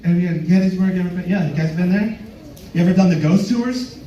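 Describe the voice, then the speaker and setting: Male stand-up, high-pitched and animated, stammering crowd-work style; roomy, distant club recording. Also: fast, highs cut off. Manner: rambling, stammering restarts, playful crowd banter. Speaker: stand-up comedian headlining. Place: comedy club stage. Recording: roomy club sound from far off.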